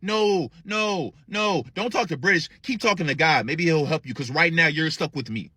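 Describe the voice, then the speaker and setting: A man's voice: fairly high pitch, normal speed, sharp tone, husky, no room sound. A man voicing a defiant, cocky teenage girl with a sassy, taunting delivery.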